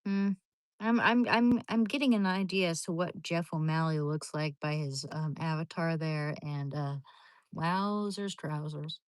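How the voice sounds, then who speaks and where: A woman's voice: low-pitched, a little slow, darkish tone, smooth, no room sound. A woman chatting casually to her live stream audience from home, rambling along with many restarts. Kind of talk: casual livestream chat.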